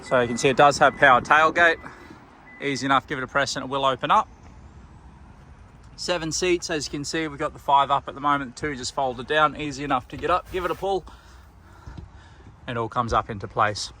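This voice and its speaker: A man with an Australian accent, a car salesman giving a relaxed walkaround tour of a vehicle, pointing out features as he goes. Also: mid-range voice, a little fast, long pauses, a little hiss or hum. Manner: relaxed, plain-spoken, pointing things out as he goes. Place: outdoors around a car, then inside it.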